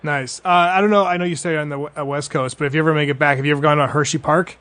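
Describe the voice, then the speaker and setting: Podcast host guy, fairly high voice, upbeat, agrees a lot, close dry mic. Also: fairly even intonation, fairly bright tone, no echo. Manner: upbeat, quick to agree and laugh. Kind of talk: casual interview chat.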